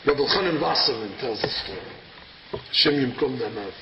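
A man teaching a lively religious lesson, acting out verses with sudden loud emphasis. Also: mid-range voice, moderate pace. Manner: dramatic, acts out verses, bursts of loud emphasis. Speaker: rabbi teaching a class. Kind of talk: animated Torah lesson. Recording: echoey room, dull lo-fi sound with clear background noise.

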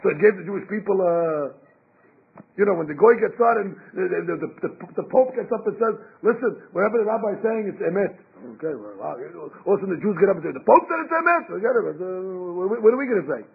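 A man giving an animated Torah sermon, emphatic and acting out quotes, with Hebrew terms mixed in, on a lo-fi phone-like recording. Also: high-pitched, quick pace, gravelly, slightly rough. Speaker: rabbi giving a Torah class.

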